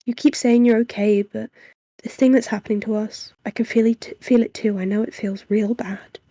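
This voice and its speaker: A woman voicing a gentle, worried father who talks to his grown daughter in a tender, gently firm way, read in her own voice. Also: a little high, steady tone, moderate pace. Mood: coaxing.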